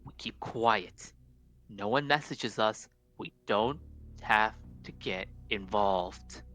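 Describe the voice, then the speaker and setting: A man playing his character in a tabletop game, animated and given to sudden loud outbursts. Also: on the low side, takes it slowly. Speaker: player.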